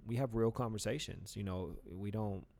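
Man, lowish voice, casual chat, rambling, stop-start phrasing. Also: moderate pace, gravelly, darkish tone. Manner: rambling, many restarts and fillers; burps mid-talk. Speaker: podcast co-host.

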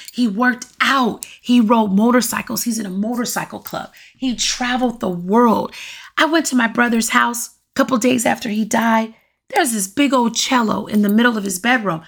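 A middle-aged woman hosting her own podcast, talking to listeners in a lively, preachy way and calling out to them often, with a voice that turns raspy at times. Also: a little high, normal speed. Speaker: podcast host. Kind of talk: casual solo podcast monologue. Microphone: USB condenser mic.

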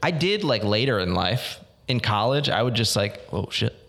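Young guy kinda low voice, rambling self-deprecating podcast chat, lots of likes. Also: animated, moderate pace, creaky, a bit bright. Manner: rambling, self-mocking storyteller with frequent "like" and restarts. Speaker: podcast co-host. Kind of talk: casual chat.

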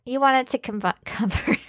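A woman's voice: high voice, dry recording. A woman co-hosting a casual podcast, giggly and teasing. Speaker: podcast co-host.

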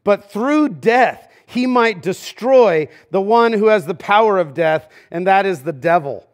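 High-voiced man preaching casually. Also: unhurried. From Los Angeles. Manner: casual and conversational, with frequent fillers and asides. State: preaching with a swollen knee in a brace. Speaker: pastor. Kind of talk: sermon.

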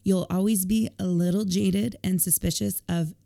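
A woman co-hosting a casual podcast, her voice croaky from a cold, with a wry, self-deprecating way of talking. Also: lowish voice, fairly even intonation, normal speed, mellow. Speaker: podcast co-host. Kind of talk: casual chat.

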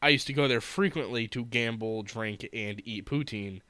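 A man's voice: medium pitch, normal speed, bright, forceful tone, clean tone, dry recording. A man co-hosting a casual chat, joking bluntly and swearing freely. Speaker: podcast co-host.

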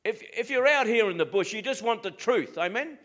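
A man's voice: sits high, expressive, a little fast, a bit bright. A middle-aged Australian man preaching a sermon as pastor, in a plain-spoken, direct way.

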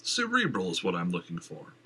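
Cast a fussy middle-aged theater owner, high and theatrical, husky and sharp, voiced by a man. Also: huge pitch swings, brisk, full character voice.

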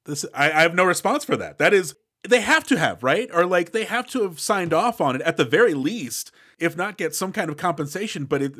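A man's voice: high voice, animated, fairly quick, pushed and bright. A man co-hosting a podcast, chatting about a film in a jokey, incredulous way with stumbling restarts. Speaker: podcast co-host. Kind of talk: casual chat about a film.

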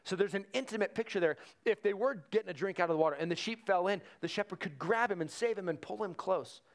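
A man's voice: high voice, fast talker. A man preaching a sermon in a conversational way, retelling Bible stories with energy. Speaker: pastor.

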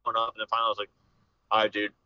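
Fast-talking young man with a dull, dry sound. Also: fairly low pitch, monotone, pushed and bright, dry recording. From Pennsylvania. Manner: rambling, full of "dude" and "like" fillers. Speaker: podcast guest, hunter. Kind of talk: casual storytelling. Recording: slightly dull, lo-fi podcast audio.

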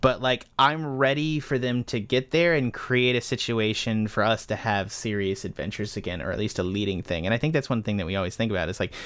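A man hosting a casual film review chat, animated and rambling, swearing freely. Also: fairly low pitch, brisk, few pauses. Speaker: podcast host.

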